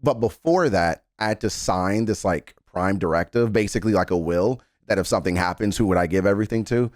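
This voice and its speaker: A man in his thirties talks through a song reaction with raw, earnest emphasis, his voice sitting fairly low. He swears freely and leans hard on his points. The sound is dry and close, with no room around it. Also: brisk, darkish tone, dry recording. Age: 30s. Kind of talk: emotional reaction commentary.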